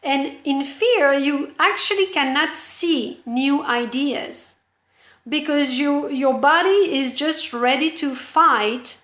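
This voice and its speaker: High-voiced woman coach in an echoey room. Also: slow pace, fairly bright tone. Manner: earnest and explanatory, addressing the viewer directly. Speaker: business coach. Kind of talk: motivational coaching talk to camera.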